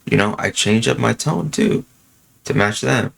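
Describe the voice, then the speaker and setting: A man casually chatting and telling stories, laughing often and filling pauses with um and you know. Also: mid-range voice, expressive, gravelly, a bit bright. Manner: drops fillers like um and you know. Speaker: podcast host. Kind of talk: casual chat.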